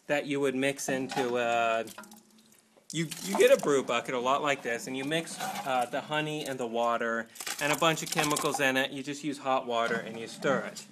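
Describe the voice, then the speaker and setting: A man's voice: mid-range voice, background noise. A young man casually demonstrating home brewing in his kitchen, chatty and rambling, with self-deprecating jokes.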